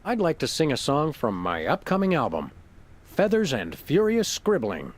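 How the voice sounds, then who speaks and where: A man's voice: fairly high pitch, huge pitch swings, normal speed. A man voicing a formal, verbose dog detective in a video game, dry and polite.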